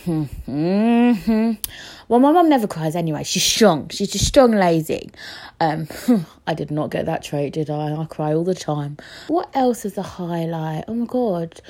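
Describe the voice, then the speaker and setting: A woman's voice: low-pitched, animated, moderate pace, a little mellow. A young woman, hosting her own podcast in casual, chatty talk, swearing and teasing herself as she goes. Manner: chatty, swearing, self-mocking, emotional. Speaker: podcast host. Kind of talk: casual solo podcast chat.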